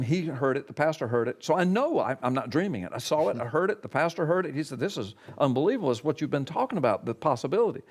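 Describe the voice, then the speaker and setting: A man, a pastor, telling his story in an interview with an emphatic, animated manner. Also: medium pitch. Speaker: pastor and radio talk guest.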